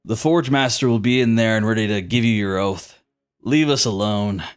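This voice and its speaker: A man's voice: on the low side, normal speed, clean tone, close to an everyday voice. A man doing a sneering, bullying soldier. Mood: brash. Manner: sneering, taunting. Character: cruel mocking male soldier, cocky bully.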